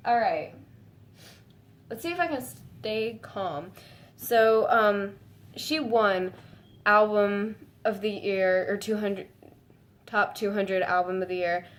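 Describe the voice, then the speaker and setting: A woman vlogging to her viewers in a gushing, excitable way, full of "like" fillers and breaking into high squeals. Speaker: fan vlogger. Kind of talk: casual chat to camera.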